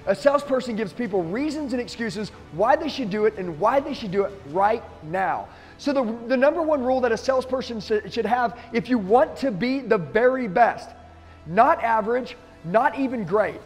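A man's voice: very high-pitched, long reverb tail. A middle-aged man, a sales trainer, giving an intense, emphatic motivational talk to the camera.

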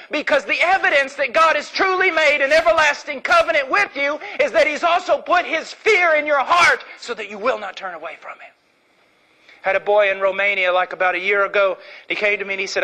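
A man preaching a fiery sermon, acting out conversations and swinging from near shouts down to quiet, low lines. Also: moderate pace, rough recording. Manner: impassioned, rising to near shouts then dropping low; acts out dialogue in a storytelling way.

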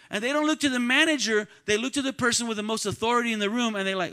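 A man preaching a sermon to his church congregation, calling out to the crowd and swinging between quiet talk and loud shouts. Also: extremely high pitch, rapid-fire, hardly any pauses, smooth. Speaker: pastor. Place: church sanctuary.

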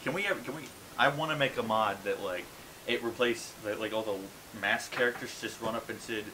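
A man's voice: fairly quick, bright, forceful tone. Rambling young man, noisy mic. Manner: rambling, restarts, pitches goofy ideas. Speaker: gaming commentator. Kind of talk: casual gaming chat.

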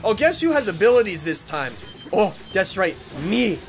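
Excitable trash-talking gamer man. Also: sits high, normal speed, over music. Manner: excitable, swearing, trash-talking the game bosses. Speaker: gaming channel host. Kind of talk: let's play commentary.

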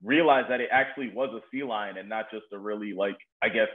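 A man hosting a podcast, asking questions in a curious, relaxed way. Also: on the low side, fast talker. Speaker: podcast host. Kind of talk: casual interview questions. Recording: tinny phone-like remote audio.

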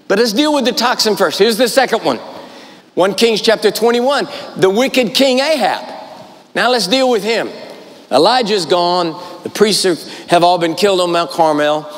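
A man's voice: sits high, expressive, normal speed. A man preaching a sermon, telling the story dramatically, voicing its characters, and repeating lines for emphasis. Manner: emphatic repetition. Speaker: guest preacher. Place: large church auditorium. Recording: long hall reverb.

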